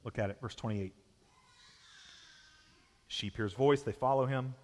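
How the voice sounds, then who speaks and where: A man with a Southern US accent preaching a sermon as pastor, emphatic and shifting between hushed and loud passages. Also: mid-range voice, measured pace, slight background noise. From Southern United States. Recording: long hall reverb.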